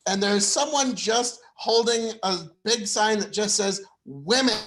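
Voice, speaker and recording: A man's voice: high-pitched, slow, a bit bright. A man co-hosting a casual live stream, riffing sarcastically on debate clips with many filler words. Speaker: co-host of live stream commentary.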